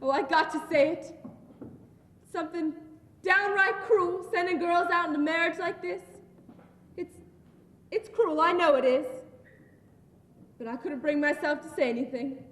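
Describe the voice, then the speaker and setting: A woman's voice: very high-pitched, measured pace, pauses often, fairly bright tone. A young woman acting a mother fretting tearfully over her daughter's wedding in a school play. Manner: tearful, musing monologue. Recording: echoey hall, far-off mic.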